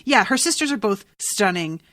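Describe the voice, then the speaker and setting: A woman's voice: medium pitch, lively intonation, normal speed, a bit bright, no room sound. A woman co-hosting a podcast, recapping a TV episode in casual chat, blunt and exasperated, swearing freely. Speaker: podcast co-host.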